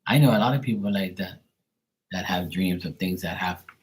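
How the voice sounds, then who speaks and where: A man's voice: low-pitched, fairly quick. A man hosting a tarot livestream, chatting casually with viewers in a rambling, profane storytelling way.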